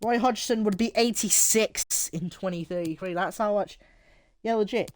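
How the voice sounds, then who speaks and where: A man's voice: high-pitched, moderate pace, no room sound. A man giving casual, rambling and jokey commentary while streaming a football game.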